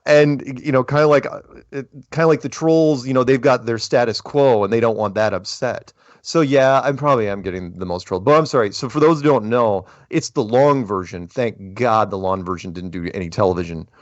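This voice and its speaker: Man, podcast host, animated, chuckles a lot, dull lo-fi dry sound. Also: medium pitch, brisk, no room sound. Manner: animated, chuckling, many restarts. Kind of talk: casual call-in chat.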